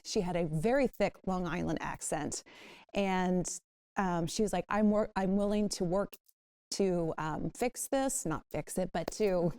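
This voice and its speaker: A woman on a discussion panel, a news manager who tells stories in an animated way. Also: fairly low pitch, gravelly, no room sound. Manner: animated storytelling.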